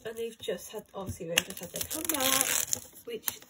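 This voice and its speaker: Young female host, casual unboxing chat, higher-pitched and excitable, rambling. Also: moderate pace, heavy background noise. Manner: excitable, gasping and exclaiming over each item; chatty, thinks aloud with many "like"s. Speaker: channel host.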